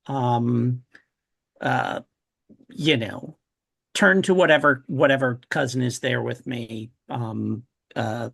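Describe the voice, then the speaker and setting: Man, tabletop player, very slow, gravelly, halting, fillers. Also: medium pitch, fairly bright tone. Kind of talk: tabletop role-play.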